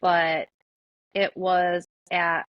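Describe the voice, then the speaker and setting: A woman's voice: on the low side, flat delivery, drawn-out words, a bit bright, no room sound, lo-fi sound. A young adult woman telling her story as an interview guest in a casual, chatty way, full of likes and ums. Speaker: interview guest, army veteran.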